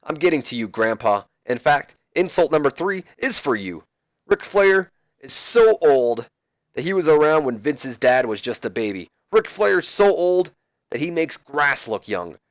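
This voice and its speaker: A man doing a cocky male wrestler, all sneering sarcasm. The voice jumps up high and lively as he taunts. It is dry and close, with no room sound. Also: moderate pace, no echo. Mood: mocking. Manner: mocking, sarcastic. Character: brash cocky male wrestler trading insults.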